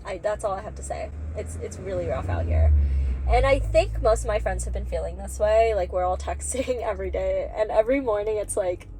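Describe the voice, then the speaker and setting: A woman's voice: medium pitch, sing-song, a little fast, dark tone. A young woman, talking candidly in a casual vlog and using many fillers like "like". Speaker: vlogger. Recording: noisy background.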